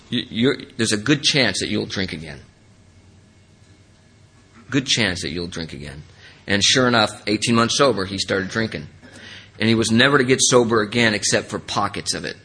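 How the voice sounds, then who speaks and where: A man giving an earnest, emotional personal testimony as a speaker at a recovery meeting. He rambles with many restarts and his voice drops low in the sad parts. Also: sharp tone, husky, low-quality recording.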